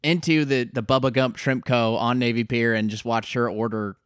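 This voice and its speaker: A man co-hosting an improvised comedy podcast, calmly building the joke in a matter-of-fact way. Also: medium pitch, normal speed, smooth, no echo, clean studio sound.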